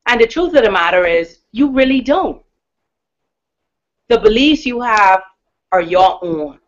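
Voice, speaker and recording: Motivational woman coach from the Bahamas, deep powerful voice, stretches key words, dull lo-fi audio. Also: lively intonation. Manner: emphatic, encouraging, with slow stressed words. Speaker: mindset coach. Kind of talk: motivational talk. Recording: dull lo-fi recording.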